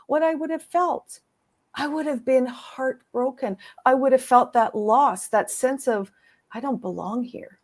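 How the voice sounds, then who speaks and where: A woman's voice: high voice, steady tone, measured pace. A woman speaking earnestly on a virtual panel, telling a story with emphatic conviction. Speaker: summit speaker. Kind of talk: panel discussion. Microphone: video call.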